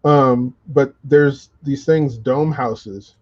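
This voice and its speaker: A laid-back man chatting casually, laughing often and filling pauses with ums. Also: mid-range voice, a little mellow, highs cut off. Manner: laid-back, laughs a lot, many fillers. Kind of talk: casual chat.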